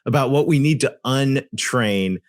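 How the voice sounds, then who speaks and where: A man co-hosts a conversational podcast discussion, speaking earnestly and emphatically with loose asides. His voice is medium-pitched and measured, recorded in studio quality with no echo.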